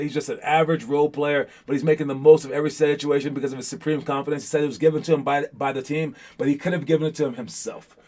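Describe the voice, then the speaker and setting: A man's voice: fairly high pitch, a little mellow. A young man coaching young basketball players in a casual, rambling motivational talk full of fillers and restarts.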